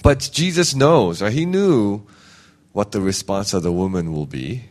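A man's voice: animated, unhurried, darkish tone. A man preaching a casual sermon in a conversational way, often ending points with "right?" and acting out quoted voices. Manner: conversational, frequent "right?" tag questions; acts out quoted voices with big pitch jumps.

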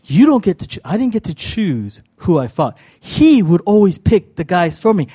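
Chatty middle-aged preacher, somewhat high voice. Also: male voice, big pitch swings, normal speed, mellow, husky. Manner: casual, self-deprecating storytelling with many fillers. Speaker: pastor. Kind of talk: sermon.

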